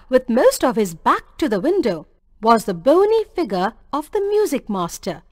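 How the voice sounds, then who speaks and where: Lively high-voiced woman reading aloud. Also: dry recording, clean studio sound. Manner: expressive, lively storytelling. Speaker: teacher. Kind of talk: reading a textbook story aloud.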